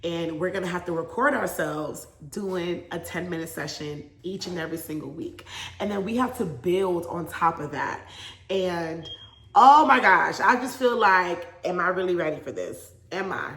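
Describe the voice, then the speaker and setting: A young woman with a bright, forceful voice tells a casual story straight to her viewers. She talks in an animated, chatty way and laughs often. The room around her rings with a noticeable echo. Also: lowish voice, normal speed. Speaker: vlogger.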